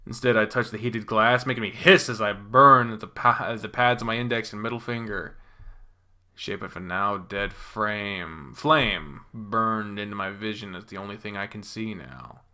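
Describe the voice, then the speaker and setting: A man reads a visual novel story aloud in the first person for his channel, dramatizing it from hushed near-whispers to loud, panicked lines. His voice is on the low side at normal speed.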